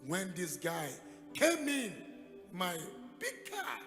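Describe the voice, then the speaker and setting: A man with a Ghanaian accent preaching a sermon, telling a story dramatically and building to loud, emphatic peaks. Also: sits high, wildly swooping pitch, slow pace. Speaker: pastor. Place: church hall. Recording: echoey hall with music behind.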